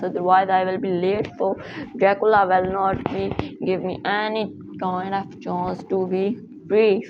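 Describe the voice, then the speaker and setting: A woman's voice: medium pitch, creaky. A woman voicing a frantic freedom-hungry witch. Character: desperate female witch craving freedom. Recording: muffled noisy recording.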